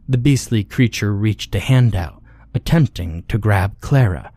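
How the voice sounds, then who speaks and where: A man narrating a scary story in a measured, steady delivery. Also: fairly low pitch, no echo. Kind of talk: scripted horror story narration.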